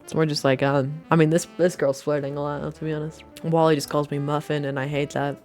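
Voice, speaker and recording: A woman's voice: deep voice, flat delivery, brisk, hardly any pauses, darkish tone, soft background music. A young adult woman streamer giving casual, blunt, joking commentary while playing a game, swearing freely.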